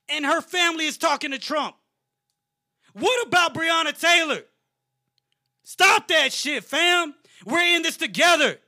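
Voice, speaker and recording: A man's voice: extremely high pitch, measured pace, vocal fry, bright, forceful tone, dry recording. A man co-hosting a podcast, speaking in an impassioned, apologetic way and close to tears. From Latino. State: emotional, close to crying. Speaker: podcast co-host. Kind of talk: emotional podcast rant.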